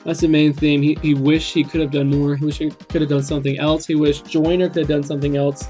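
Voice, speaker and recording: A man's voice: on the high side, flat delivery, fast talker, warm tone, faint music behind. A young man hosting a reaction video, talking through song lyrics in an earnest, reflective way with many ums. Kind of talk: casual spoken commentary on song lyrics.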